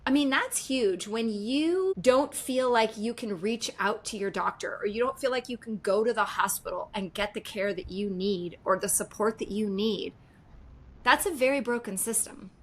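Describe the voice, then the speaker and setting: A woman's voice: a little high, moderate pace, husky. A middle-aged woman talking as a podcast guest, emphatic and fond of repeating phrases for stress. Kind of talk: casual conversational interview.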